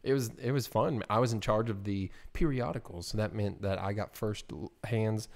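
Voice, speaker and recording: A man's voice: lowish voice, moderate pace, gravelly, darkish tone. Man with dry teasing asides. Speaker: podcast co-host. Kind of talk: casual banter.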